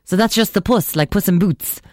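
A woman's voice: medium pitch, brisk, darkish tone, no room sound. An Irish woman hosting a casual radio show, chatting, laughing easily and reading out listener messages from a studio mic. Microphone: studio microphone.

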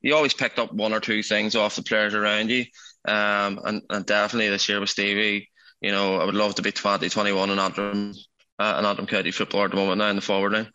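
A man's voice: fairly low pitch, little pitch movement, fast, sharp tone, highs cut off. A man in his thirties with a Northern Irish accent, chatting as a podcast guest and telling rambling, self-deprecating stories. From Northern Ireland. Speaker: podcast guest, retired footballer. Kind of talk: casual chat.

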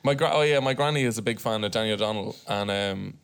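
A man's voice: on the low side, vocal fry, smooth. Chatty Irish man telling anecdotes. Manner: chatty, halting storyteller. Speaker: comedian panelist. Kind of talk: comic anecdote.

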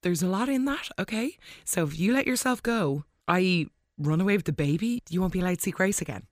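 Recap vlogger: chatty, animated, mid-pitched voice, dry close recording. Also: dry recording. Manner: animated, gushing, quick asides. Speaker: soap opera recap host. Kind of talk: casual episode recap.

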